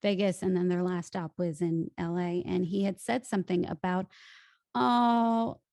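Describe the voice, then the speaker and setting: A woman from Chicago, a voice coach guest on a podcast, telling a story lively and acting out the dialogue. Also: on the low side, fairly quick, no room sound, studio quality. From Chicago, USA. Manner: lively, acts out quoted dialogue, laughs easily. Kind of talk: animated storytelling in an interview.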